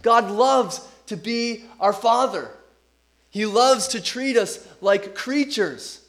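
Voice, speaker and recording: A man's voice: high voice, takes it slowly, fairly bright tone. A middle-aged man preaching a sermon as pastor, earnest and emphatic, leaning on repetition.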